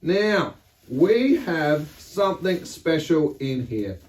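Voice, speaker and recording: A chatty man hosts a hobby unboxing video, his voice sitting a little high for a man. He talks enthusiastically and breaks into theatrical exclamations. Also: big pitch swings, takes it slowly, darkish tone. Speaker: model railway channel host. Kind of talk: casual unboxing vlog.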